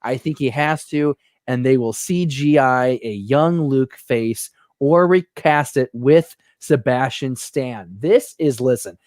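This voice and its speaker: A man hosting a live show, talking in an energetic, rambling, joking way, reading out fan questions. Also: medium pitch, slow, few pauses, dry recording, clean studio sound. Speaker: host.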